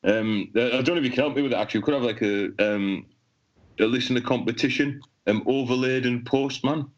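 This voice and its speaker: A man, a podcast co-host telling crude jokes in casual banter with a deadpan delivery. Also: mid-range voice, fast talker. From England. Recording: dull lo-fi sound.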